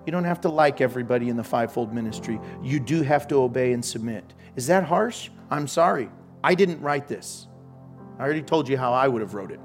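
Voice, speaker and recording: A man preaching a sermon as pastor, joking and telling stories with sudden loud outbursts. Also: on the high side.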